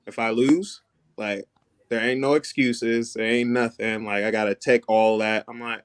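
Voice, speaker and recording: A man guesting on a gaming talk show, soft-spoken and leaning on "like" as filler. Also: medium pitch, moderate pace, no room sound. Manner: soft-spoken, filler-heavy, says "like" a lot. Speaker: guest, league player. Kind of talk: casual chat.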